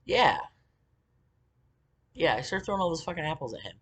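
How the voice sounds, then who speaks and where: A woman's voice: low-pitched, big pitch swings, normal speed, fairly bright tone, breathy edge. A woman vlogger telling a long personal story in a heated, profane, rambling way.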